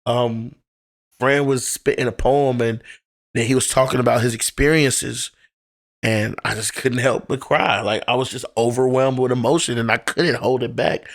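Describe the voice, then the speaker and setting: A man's voice: medium pitch, fairly even intonation, normal speed. Candid young man telling stories. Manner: candid, heartfelt storytelling with casual profanity. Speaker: podcast guest, poet and teacher. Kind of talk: casual podcast conversation.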